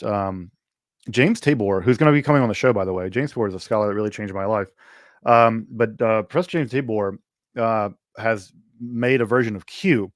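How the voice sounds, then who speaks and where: A man's voice: lowish voice, no echo, clean studio sound. A man from Mississippi, hosting a livestream Q&A and talking casually with lots of fillers and restarts. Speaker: host. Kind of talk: livestream Q&A chat.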